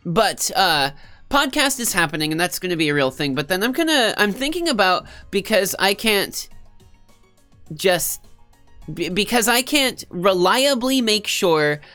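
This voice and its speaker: A woman's voice: mid-range voice, big pitch swings, a little slow, a bit bright, soft background music. A woman streamer with a stuffed-up nose, chatting casually and rambling with her live viewers, often cutting herself off and joking. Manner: rambling, self-interrupting, joking.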